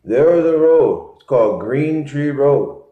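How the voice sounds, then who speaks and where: A man from Connecticut telling a rambling, repetitive story in a low-key monologue. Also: lively intonation, unhurried. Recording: echoey, muffled lo-fi room sound.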